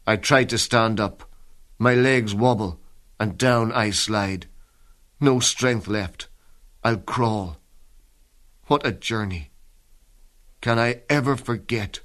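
A man giving a dramatic first-person reading of a soldier's war memoir, grave and intense, sinking to a hush at the darkest moments. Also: fairly low pitch, takes it slowly, pauses often.

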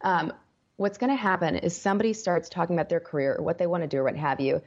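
A woman career coach who is a guest on a podcast, talking in an animated way, laughing often and acting out what people say. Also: fairly low pitch, fast, lo-fi sound. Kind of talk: casual podcast interview.

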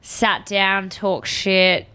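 A woman chatting casually as a podcast co-host, telling loose, sweary stories with quick asides. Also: mid-range voice, flat delivery, sharp tone, a little hiss or hum. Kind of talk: casual chat.

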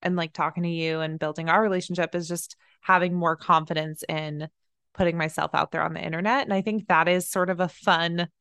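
A woman's voice: on the low side, fairly even intonation, a little fast, fairly bright tone, clean tone, no room sound, studio quality. A woman in her twenties co-hosting a podcast, chatting casually and telling stories with frequent laughs. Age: 20s. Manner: chatty, giggly storyteller. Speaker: podcast co-host. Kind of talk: casual chat.

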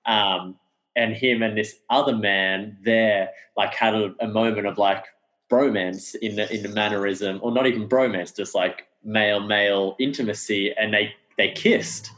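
A man's voice: fairly low pitch, steady tone, moderate pace, a bit bright, low-quality recording. A man as a podcast guest, talking in a rambling casual way with many fillers. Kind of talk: casual chat.

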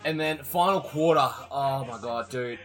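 A young Australian man co-hosting a podcast, telling a story in an excitable, sweary way. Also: mid-range voice, normal speed, faint music behind. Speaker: podcast co-host. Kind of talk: casual chat.

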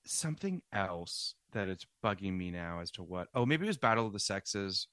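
A man co-hosting a podcast in loose, rambling chat. His bright voice leaps around in pitch as he talks. The sound is dry and close. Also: normal speed, no echo. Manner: rambling, animated, many fillers. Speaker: podcast co-host. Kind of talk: casual chat.

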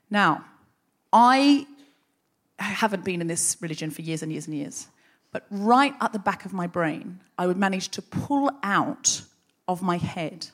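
A woman host telling a comic story live on stage into a microphone, brisk and wry, with dry asides. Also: medium pitch. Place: live stage before an audience.

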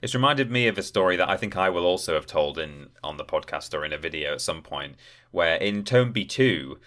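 Low-voiced podcast guy telling stories, chill chatty. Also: fairly quick. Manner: animated anecdote teller. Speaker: podcast co-host. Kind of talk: casual chat.

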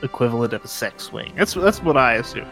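Podcast co-host, middle pitch, wry quick reactions over faint music. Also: expressive, fairly bright tone. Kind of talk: casual comedic chat.

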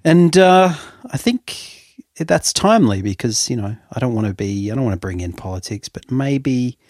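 A man co-hosting a casual podcast, dry-witted and quick to laugh. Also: mid-range voice, lively intonation, a little mellow, no room sound. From Australia. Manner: dry wit, laughs easily. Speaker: podcast co-host.

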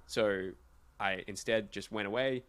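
A man's voice: fairly low pitch, steady tone, unhurried, a bit bright. A man hosting a casual podcast about writing, talking in a friendly, reflective way. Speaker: podcast host.

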